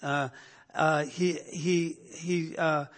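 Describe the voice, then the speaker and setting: A man's voice: a little high, steady tone, very slow, fairly bright tone. A man preaching a sermon as pastor, telling a story casually with restarts and frequent "right?" asides. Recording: hall reverb.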